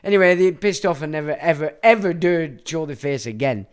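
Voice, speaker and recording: A man's voice: fairly high pitch, fairly quick, smooth. A middle-aged man, hosting a livestream and ranting in a blunt, profane, rambling monologue. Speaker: livestream host.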